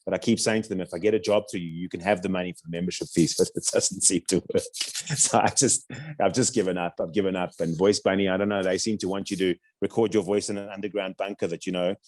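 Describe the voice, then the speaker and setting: A man's voice: sits low, fairly even intonation, fast, darkish tone. A man with a South African accent, a voice-over artist and coach chatting in an interview, rambling with lots of restarts and fillers. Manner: rambling, chatty, many restarts and "you know what I mean". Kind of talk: casual interview chat.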